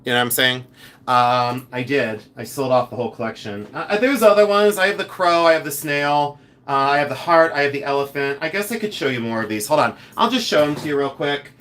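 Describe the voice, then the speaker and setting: Chatty campy man with a bright voice. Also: mid-range voice, fairly quick. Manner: chatty, campy, animated, talks to viewers' comments. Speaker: podcast host and jewelry collector. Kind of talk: casual live-stream chat.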